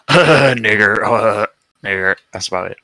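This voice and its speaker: A man co-hosting a live stream, throwing in sardonic, deadpan jabs. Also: fairly low pitch, slow, no room sound. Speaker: stream co-host. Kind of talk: casual live-stream banter.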